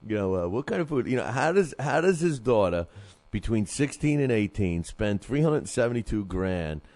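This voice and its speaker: A man's voice: fairly low pitch, very animated, normal speed, darkish tone, dry recording. A man hosting a boxing talk show, rambling casually with lots of fillers and restarts.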